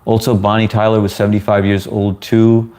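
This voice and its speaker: Laid-back low-voiced man streaming live. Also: flat delivery, a little fast, a little mellow. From United States. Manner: laid-back, chatty, often says "man" and "bro". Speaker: live streamer answering chat. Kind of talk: casual livestream chat.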